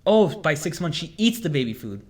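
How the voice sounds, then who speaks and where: Goofy rambling young man, slightly high. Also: big pitch swings, brisk. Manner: rambling, goofy, many fillers and restarts. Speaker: podcast host. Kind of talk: casual chat.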